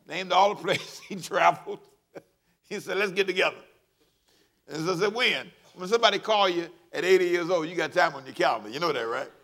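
Speaking quickly in a high-pitched voice, a male pastor delivers a lively sermon, acting out people's quotes and drawing the congregation into call-and-response.

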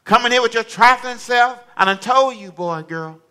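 A man's voice: very high voice, normal speed, sharp tone, smooth, voice pushed up. A man putting on the voice of a middle-aged mother, scolding her child sharply. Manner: scolding, sassy.

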